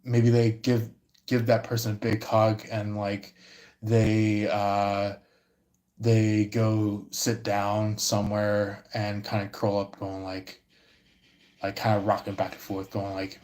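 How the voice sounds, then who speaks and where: A man giving a casual livestream tarot reading, talking haltingly with many fillers and restarts. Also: lowish voice, monotone, a little mellow. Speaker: tarot reader.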